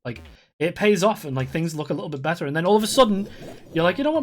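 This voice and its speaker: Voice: medium pitch, animated, rapid-fire, slight background noise. A streamer in their thirties, chatting casually and rambling while playing a game, swearing freely and laughing often. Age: 30s. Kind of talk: casual live-stream chat while gaming.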